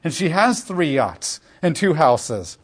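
A man's voice: fairly high pitch, slow, slightly rough. Emphatic man preaching. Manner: emphatic, animated, reads scripture then explains it in plain talk. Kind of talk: expository Bible teaching.

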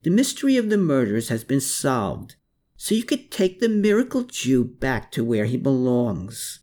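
A man's voice: medium pitch, very animated, measured pace, mellow. A man voicing a sneering army colonel who growls and snaps his orders in an audiobook. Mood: scornful. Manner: growling, snapping, scornful. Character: snarling, sneering middle-aged male army colonel. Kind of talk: audiobook character voice.

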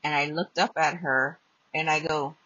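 A woman's voice: sits low, steady tone, normal speed, pushed and bright, no room sound. A woman podcast host telling a personal ghost story in a blunt, profane, casual way. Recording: dull lo-fi dry recording.

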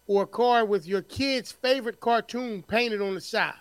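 A man's voice: sits high, smooth, dry recording. A man from New Jersey co-hosting a podcast, easygoing, reading out questions in casual banter. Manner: easygoing, reads questions slowly. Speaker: podcast co-host.

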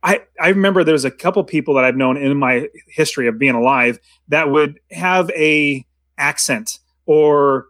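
A man's voice: a little high, moderate pace, a bit bright, no echo. A man co-hosting a casual movie discussion, talking in a rambling way with many restarts. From United States. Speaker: podcast co-host.

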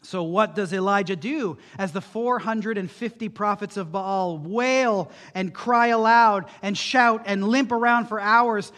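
A man's voice: high voice, fairly bright tone. A man preaching an emphatic sermon as a pastor, using rhetorical questions. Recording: long hall reverb.

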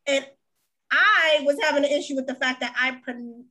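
Bright high-voiced woman host. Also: moderate pace. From Boston area. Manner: animated, frank, swears casually. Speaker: podcast host. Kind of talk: casual chat.

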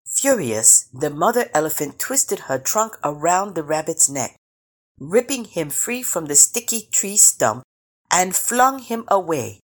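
A woman reading a children's picture book aloud, slow and expressive. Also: fairly low pitch. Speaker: storyteller.

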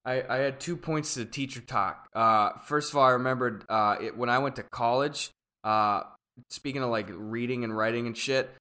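A man's voice: medium pitch, normal speed. A young man co-hosting a casual podcast, ranting animatedly and swearing. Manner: animated, swearing, rants loudly. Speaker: podcast co-host. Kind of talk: casual chat.

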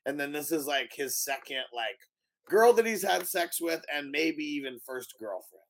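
Podcast co-host, male, gravelly and a bit high, lively casual recap. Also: moderate pace. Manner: animated retelling with laughs. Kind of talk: casual movie review chat.

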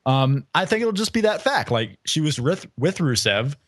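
A man's voice: fairly high pitch, sing-song, normal speed, dry recording. Man on a dry-sounding podcast mic. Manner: thinks aloud, hedging with "like". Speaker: podcast co-host. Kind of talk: casual podcast discussion.

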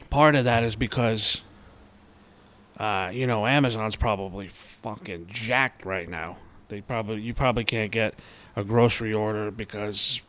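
A young man, ranting and swearing a lot as he talks through a casual podcast monologue from home. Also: lowish voice. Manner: animated, heavy swearing, ranting. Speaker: podcast host.

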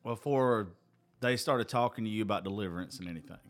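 A man hosting a casual interview, asking measured questions and taking the skeptical side. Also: lowish voice. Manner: measured, questioning, plays devil's advocate. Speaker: host.

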